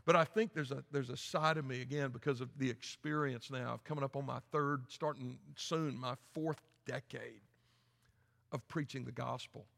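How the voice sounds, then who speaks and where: Blunt pastor with a gravelly voice. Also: male voice, mid-range voice, steady tone, normal speed. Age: 50s. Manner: blunt, folksy, swings from quiet asides to loud preaching. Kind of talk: sermon. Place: large church sanctuary. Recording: echoey church hall.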